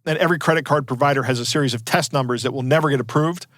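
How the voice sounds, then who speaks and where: A man's voice: mid-range voice, rapid-fire, a bit bright, dry recording. A man co-hosting a podcast in casual chat, digressing and restarting his sentences, with a chuckle between points. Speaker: podcast co-host.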